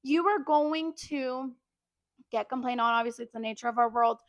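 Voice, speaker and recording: A young woman telling a workplace story in casual, animated chat, full of fillers like "like". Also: fairly high pitch, normal speed, no room sound. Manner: animated, chatty, lots of "like". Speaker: podcast co-host.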